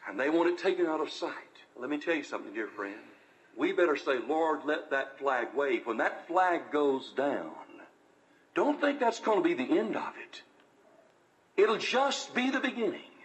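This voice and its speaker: A man with a Southern drawl, a pastor preaching a sermon that swells to loud peaks and then drops low. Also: rough recording. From American South. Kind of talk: fiery sermon.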